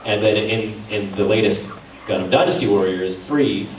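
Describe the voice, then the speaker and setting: Man, voice actor panel talk, chatty, self-deprecating, slightly low, distant, echoey hall. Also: moderate pace. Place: large convention hall. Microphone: audience camera from a distance. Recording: echoey hall from far off, background noise.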